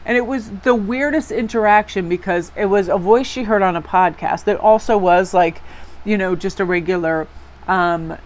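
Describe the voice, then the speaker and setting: At medium pitch and a moderate pace, a tarot reader from Connecticut talks to her viewers in a Northeastern American accent. Her reading is warm and encouraging, full of chatter and wandering asides.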